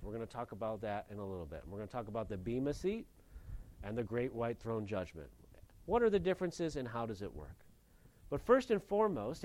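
An animated man delivering a sermon, his voice rising for emphasis and then dropping quiet and low. He reads passages of scripture aloud and then explains them in a plain, conversational way. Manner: animated preaching, swinging between loud emphasis and quiet low reading. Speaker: pastor.

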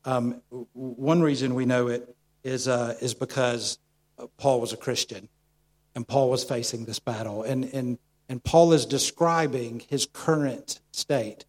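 A middle-aged male pastor preaching a sermon in a conversational, animated way, full of asides and rhetorical questions. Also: medium pitch, measured pace.

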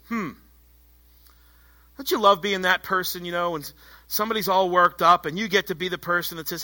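A man preaching a sermon as pastor, animated and conversational, joking with the congregation. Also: high-pitched, moderate pace.

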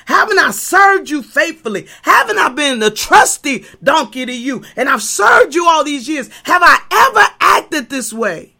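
A woman preacher voicing a loyal talking donkey, raising her pitch and shouting plaintive questions. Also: big pitch swings, measured pace, gravelly, few pauses, exaggerated voice. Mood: pleading.

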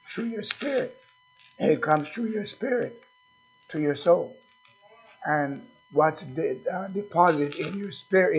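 A man preaching a sermon as pastor, speaking slowly and asking the congregation questions again and again. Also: on the high side, gravelly, husky, dull audio.

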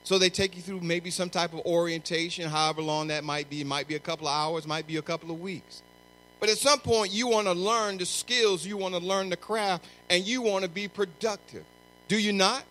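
A middle-aged man preaching a sermon, emphatic and often shouting, repeating lines for stress. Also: high-pitched, fairly even intonation, fairly quick, a little hiss or hum, poor audio.

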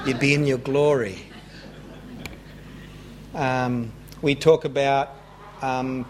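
A man preaching a sermon in an earnest way, rising in pitch when he stresses a point. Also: level tone, darkish tone, a little hiss or hum. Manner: earnest, rising with emphasis, slow deliberate preaching. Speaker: pastor.

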